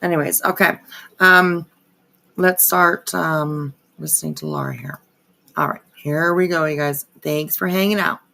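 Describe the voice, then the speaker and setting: A woman's voice: sits low, lively intonation, a little slow, gravelly, sharp tone. A woman hosting a casual live stream, rambling with lots of fillers and frequent swearing. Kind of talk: casual livestream commentary.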